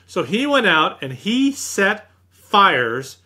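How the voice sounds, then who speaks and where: Bright husky-voiced male storyteller. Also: high-pitched, takes it slowly. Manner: lively anecdotal, self-deprecating. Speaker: guest author. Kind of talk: storytelling in an interview.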